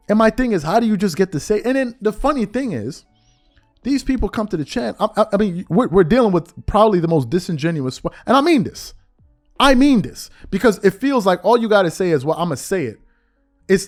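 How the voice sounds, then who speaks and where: A man delivers opinionated sports commentary as a show host, his somewhat high voice swinging widely in pitch. He talks in a slangy, conversational way and hammers home his points with repeated rhetorical questions. Faint music plays underneath.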